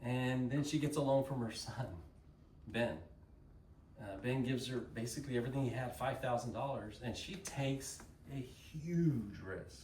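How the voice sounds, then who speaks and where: A man in his fifties from Texas with a Texan accent, telling animated folksy stories and saying y'all to his audience. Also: medium pitch, moderate pace. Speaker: guest speaker. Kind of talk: casual storytelling talk. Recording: roomy, distant mic with faint noise.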